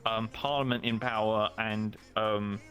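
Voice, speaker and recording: A man's voice: fairly low pitch, steady tone, a little slow, fairly bright tone, faint music behind. A young man chatting casually on a stream, opinionated and swearing. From United Kingdom. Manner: opinionated, swears, mocks with put-on voices. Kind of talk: casual chat.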